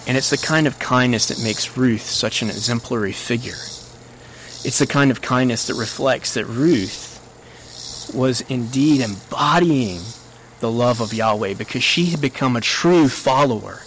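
A man's voice: moderate pace, a bit bright, slight background noise, rough recording. Earnest male preacher, faint crickets behind. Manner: earnest, rising pitch on quoted lines. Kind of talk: sermon.

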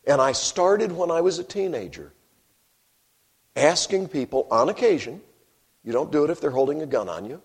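A man's voice: a little high, moderate pace, long pauses, slightly rough. A man preaching a sermon, telling stories wryly and breaking into emphatic bursts. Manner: animated, wry storytelling with sudden emphatic bursts.

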